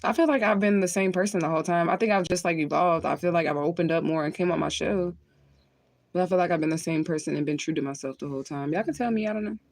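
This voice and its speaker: She's a spiritual medium on a livestream with a lowish, darkish voice and a quick pace, recorded without echo. Chatting casually and reading viewer comments, she's blunt, swears heavily, and laughs frequently.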